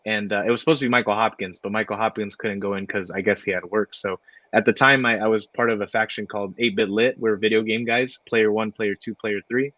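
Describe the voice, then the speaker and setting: A man's voice: fairly low pitch, a bit bright, no echo. Laid-back man telling wrestling stories. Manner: laid-back, many fillers, laughs while telling stories. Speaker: guest wrestler. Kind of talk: casual storytelling. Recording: dry, dull lo-fi audio.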